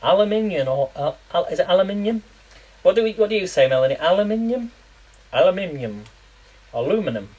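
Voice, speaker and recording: A man's voice: high voice, animated, fast talker, a little mellow, dull audio. A man from talks loosely to a live audience while he cooks. His chat rambles, often breaks into laughs, and keeps turning into little word quizzes for the viewers. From England. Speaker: live-streaming home cook. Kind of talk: casual live cooking chat.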